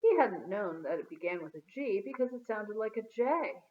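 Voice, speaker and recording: A woman reading a children's chapter book aloud in an expressive, storytelling manner. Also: mid-range voice, moderate pace. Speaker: storybook reader. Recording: phone-like narrow sound.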